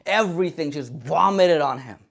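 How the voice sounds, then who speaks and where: A young man telling a personal story in a comic vlog, animated and acting out quotes in different voices. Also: on the high side, moderate pace, creaky. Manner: animated, acts out his own thoughts and other people in quoted voices.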